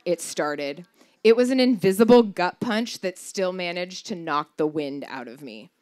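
Woman, 30s, stage storyteller; wry, candid delivery with a very animated melody. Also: lowish voice, a little slow. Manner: wry, candid, swears for comic emphasis. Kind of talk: live personal storytelling performance.

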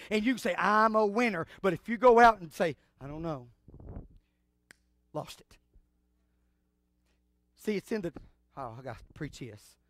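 A man preaching an impassioned sermon, shouting out exclamations, then dropping to hushed asides. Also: high-pitched, no room sound, studio quality. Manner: call-and-response exclamations. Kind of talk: fiery sermon.

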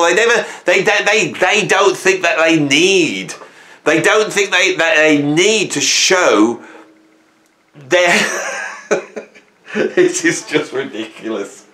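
A middle-aged man hosting a music channel, ranting at his viewers in a theatrical, self-mocking way, swinging from hushed asides to loud bursts. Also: a little high. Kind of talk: casual mock-rant to camera. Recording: echoey room.

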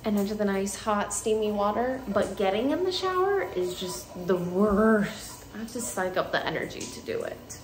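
A woman's voice: medium pitch, animated, moderate pace, few pauses. Rambling young woman vlogging, roomy sound. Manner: rambling, self-correcting. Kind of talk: casual chat to camera. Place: home at night. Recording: roomy with faint noise.

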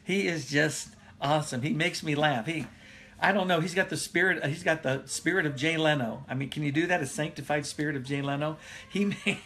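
A middle-aged man preaches in a relaxed, chatty way, reading viewer comments aloud and laughing often. His voice sits a little high and rings bright and forceful. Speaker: pastor. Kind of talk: casual live-streamed Bible teaching.

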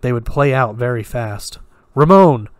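Male story reader, steady even delivery, dry close sound, mid-range voice. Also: medium pitch, measured pace, dry recording. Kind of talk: audiobook-style story reading.

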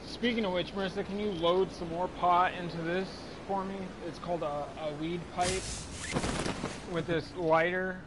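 A man's voice: sits high, fairly even intonation, moderate pace, noisy background. A man mocking a stranger in a game's voice chat, rambling and sarcastic. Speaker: streamer playing with strangers. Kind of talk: casual trolling game chat.

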